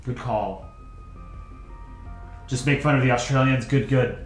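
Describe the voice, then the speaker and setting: Speaking at a measured pace with a medium pitch, a young man draws on a live stream and casually answers viewers' chat messages. He's relaxed and chatty, and faint music plays behind him.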